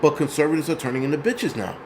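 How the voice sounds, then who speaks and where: A man's voice: fairly high pitch, very animated, very fast, noisy background. A man of Puerto Rican origin hosting his own show, ranting in a heated, profane, mocking way. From Puerto Rico. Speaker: host. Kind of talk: angry ranting commentary.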